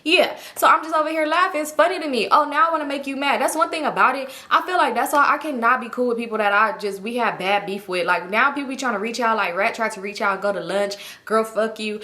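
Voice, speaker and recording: Woman vlogger spilling a storytime, slangy and animated, bright sharp voice. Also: on the high side, fast talker, few pauses. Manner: animated, slangy, acts out every quote. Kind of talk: casual storytelling to viewers.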